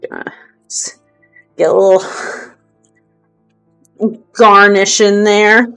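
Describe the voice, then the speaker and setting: A woman's voice: mid-range voice, level tone, takes it slowly, fairly bright tone, soft background music. A young woman chatting casually on a live stream, answering viewers' questions in a loose, talkative way. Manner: chatty, answers chat, counts reps under her breath.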